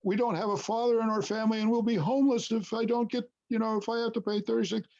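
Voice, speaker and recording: A man voicing a tearful, pleading woman business owner in a high, breathless tone. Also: flat delivery, quick pace, a little mellow, lo-fi sound.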